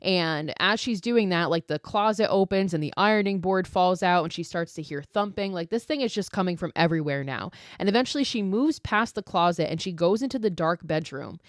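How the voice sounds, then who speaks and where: A woman hosts a podcast and retells a horror movie scene by scene, swearing and adding her own asides. Her voice sits low for a woman. The recording is dry and close, with no room sound. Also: brisk, few pauses, no echo. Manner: profane, animated storytelling with asides. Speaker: podcast host. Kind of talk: casual movie recap.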